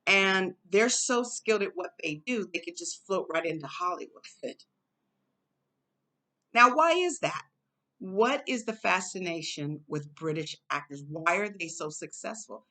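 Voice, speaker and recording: Slow, low-voiced woman vlogger. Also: expressive, pushed and bright. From United States. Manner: conversational, musing, with fillers and laughs. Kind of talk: casual commentary to camera.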